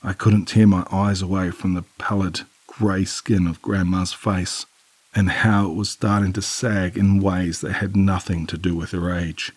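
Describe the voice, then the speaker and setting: A man giving a measured, somber scripted narration of a horror story on a close mic. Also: sits low, little pitch movement, husky, no echo.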